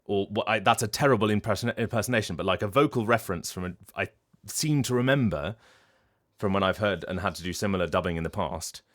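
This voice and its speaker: Low-voiced man musing on a livestream. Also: fast, a bit bright. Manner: thoughtful, explaining at length with frequent restarts. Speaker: voice actor and streamer. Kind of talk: casual livestream talk.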